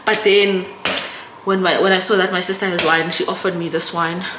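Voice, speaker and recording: A young woman with a South African accent talks casually to camera. She is chatty and emotional and keeps calling out to her viewers. The sound is roomy, with steady noise behind her. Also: on the low side, normal speed. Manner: chatty and emotional, often addressing viewers as guys. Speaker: vlogger. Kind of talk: casual vlog chat to camera. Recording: echoey room with background noise.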